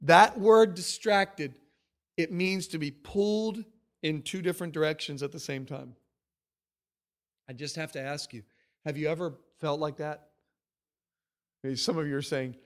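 A man preaching a sermon, emphatic and animated, stacking up repeated phrases as he tells the story. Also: a little high, moderate pace, pauses often. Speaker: pastor.

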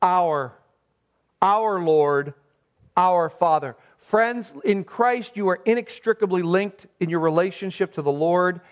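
A man with a high voice delivers an expository sermon as pastor. He presses his points with emphasis and throws rhetorical questions at the congregation. The recording sounds dull and lo-fi. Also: takes it slowly.

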